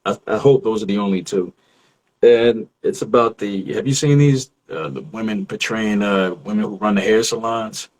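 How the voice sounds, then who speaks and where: A man on a casual discussion show who talks in a reflective, measured way and searches for his words. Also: fairly low pitch, a little mellow, rough recording.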